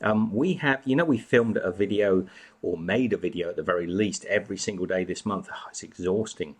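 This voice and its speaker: A man's voice: low-pitched, brisk, husky. Chatty man hosting a live stream. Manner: chatty, greets viewers by name, snacking while talking. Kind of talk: casual live chat. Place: home.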